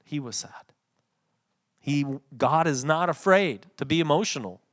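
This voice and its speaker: A man preaching a sermon, swinging from loud emphatic passages to soft, quiet readings. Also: fairly high pitch, lively intonation, measured pace. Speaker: pastor.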